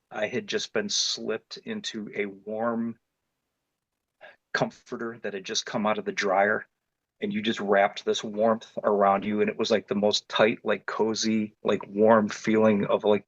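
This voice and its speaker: A man with a lowish, breathy voice rambles through his experience as an interview guest, full of restarts and fillers. The dull, dry recording has no room sound, and he gets more animated and louder as the casual story builds.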